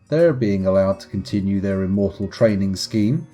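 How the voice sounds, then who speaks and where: A man's voice: on the low side, lively intonation, normal speed, few pauses, dull audio, faint music behind. A man streaming live gameplay commentary in a playful, chatty, self-mocking way.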